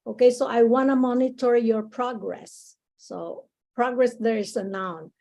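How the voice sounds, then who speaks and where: A woman's voice: fairly high pitch, warm tone, low-quality recording. A woman tutoring English speaking on a video call, patiently explaining words and encouraging her students. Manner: patient, encouraging, explains slowly with many restarts. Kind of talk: online English lesson.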